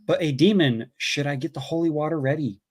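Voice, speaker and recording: Co-host type, man with a slightly raised pitch, loose chatty read of viewer donations. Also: brisk, a little mellow. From Canada. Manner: reads donor messages aloud with fillers and laughs. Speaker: co-host reading super chats. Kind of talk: casual livestream chat.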